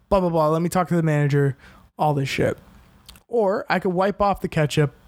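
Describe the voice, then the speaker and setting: New guy ranting on his podcast, swears a lot, kinda high voice, dry mic. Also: no room sound. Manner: casual, profane, ranting and self-deprecating. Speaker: podcast host. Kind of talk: solo podcast rant.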